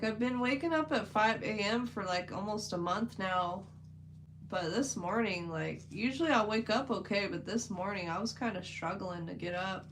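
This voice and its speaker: A chatty woman with a drawl talks loosely to her stream chat as she paints, filling her sentences with "like." Her voice sits at a middle pitch, and a faint hum runs underneath. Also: a bit bright, low-quality recording. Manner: chatty, rambling, many "like" fillers. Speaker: livestream host. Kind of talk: casual livestream chat while painting.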